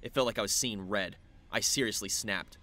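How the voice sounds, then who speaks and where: A man's voice: lowish voice, normal speed, sharp tone. A man narrating an audiobook dramatically in the first person, with a wry, exasperated manner.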